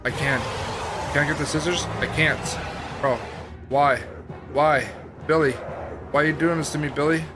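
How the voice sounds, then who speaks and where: A young man commentating a horror game, excitable and chatty, full of slang. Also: a little high, moderate pace, long pauses. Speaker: gaming video host. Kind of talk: gameplay commentary. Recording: game music behind.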